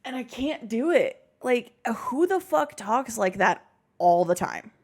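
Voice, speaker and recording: A woman's voice: fairly high pitch, sing-song, a little mellow. A woman hosting a casual podcast chat, rambling and swearing freely. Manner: swearing, rambling, quick asides. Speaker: podcast host.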